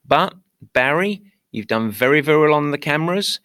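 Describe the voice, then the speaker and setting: A man's voice: a little high, animated, normal speed, fairly bright tone, no room sound, clean studio sound. A British man hosting a podcast, talking playfully with theatrical mock indignation. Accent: British English. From England. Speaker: podcast host. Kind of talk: upbeat podcast monologue.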